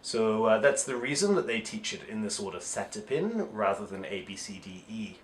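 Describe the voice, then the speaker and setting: A man's voice: on the low side, a little fast, a little hiss or hum. A male English teacher giving a casual phonics tutorial, explaining step by step with frequent "so" and "uh" fillers. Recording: echoey room.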